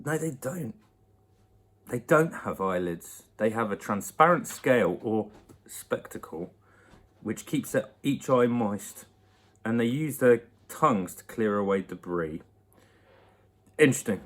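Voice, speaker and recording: Husky guy chatting playfully into his laptop at home, voice bouncing all over. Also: fairly low pitch, lively intonation, unhurried, long pauses. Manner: playful, laughs often, chats to a baby. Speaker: host answering viewer questions. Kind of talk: casual question-and-answer chat.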